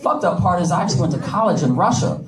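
A man's voice: high voice, lively intonation, fast talker. A man doing a stand-up comedy set with a brash manner, joking with the crowd. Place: comedy club stage. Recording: echoey club, distant mic, audience noise. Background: audience laughing.

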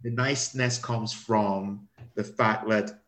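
A man, a comedian, talking about his stage character in a relaxed interview, often restarting his sentences. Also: fairly low pitch. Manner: halting, repeats words, laughs often. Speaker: comedian guest. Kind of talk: conversational interview.

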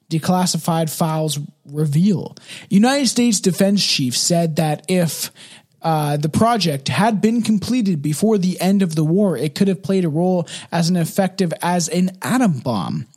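High-voiced man stumbling through a reading. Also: darkish tone. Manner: stumbling reader, frequent restarts and fillers. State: drinking scotch. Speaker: podcast co-host. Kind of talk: casual chat, reading an article aloud.

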